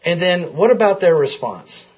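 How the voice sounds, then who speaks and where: Husky man teaching a Bible class. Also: high voice, big pitch swings, moderate pace, dull audio. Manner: questioning, conversational, asks the class often.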